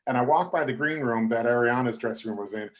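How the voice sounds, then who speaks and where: A middle-aged man telling behind-the-scenes stories as a podcast guest, lively and acting out what people said. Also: mid-range voice, fast talker. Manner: animated, acts out quoted voices. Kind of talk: casual storytelling.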